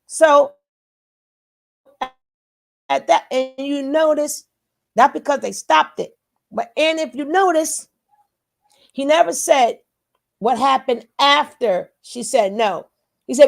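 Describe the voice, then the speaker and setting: High gravelly lady doing reaction commentary, slow and emphatic. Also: lively intonation. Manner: emphatic, repeats quotes back.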